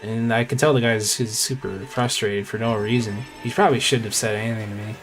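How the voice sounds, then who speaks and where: A man's voice: fairly low pitch, steady tone, quick pace, faint music behind. A man streaming a game who tells a story in a rambling, casual way, full of fillers and repeated phrases.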